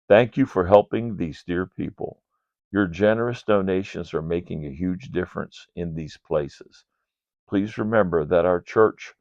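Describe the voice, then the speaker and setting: Older male ministry leader, deep voice, gravelly, reads an earnest donor report, lo-fi. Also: darkish tone, no room sound. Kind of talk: read-aloud ministry report. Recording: dull, dry lo-fi sound.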